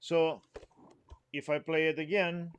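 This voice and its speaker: A man's voice: on the high side, level tone, highs cut off, a little hiss or hum. Man teaching music phrasing. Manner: explains slowly, sings phrases and counts in. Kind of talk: instrument lesson.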